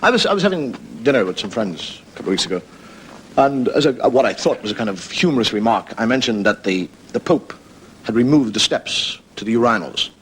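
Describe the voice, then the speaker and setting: A man's voice: medium pitch, expressive, fairly quick, background noise. A man with an Irish accent hosting a comedy show, telling stories and jokes in a wry, conversational way. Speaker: comedian host. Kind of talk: stand-up storytelling monologue.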